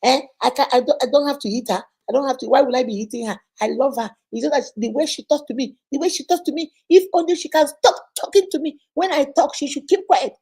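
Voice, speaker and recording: A woman doing a loud, indignant husband. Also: high-pitched, quick pace, few pauses. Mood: defensive. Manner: loud, indignant, self-justifying. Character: hot-tempered man who hits his wife.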